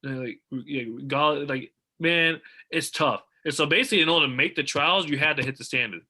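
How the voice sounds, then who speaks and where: A young man with a very bright, forward voice talks as a guest over a video call. He is animated and eager as he breaks down races, with the energy of a casual chat. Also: fairly high pitch, fairly quick. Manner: animated, eager sports talk. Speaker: guest athlete.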